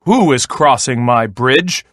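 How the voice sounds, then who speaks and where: A man's voice: mid-range voice, lively intonation, slow pace, a bit bright, no echo, studio quality. A man voicing a mean, hungry troll who roars threats from under a bridge in a storybook read-aloud. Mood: roaring. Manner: roaring, threatening.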